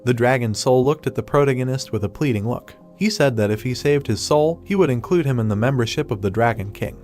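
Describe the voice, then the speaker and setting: Male narrator for a comic recap: mid-pitched, steady and even delivery, faint music underneath. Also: a little fast. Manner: steady even third-person retelling. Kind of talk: scripted narration.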